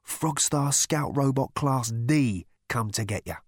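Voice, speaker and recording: A man's voice: mid-range voice, takes it slowly, husky, no echo, studio quality. A man voicing a short, weather-beaten stranger who speaks in clipped, urgent hisses.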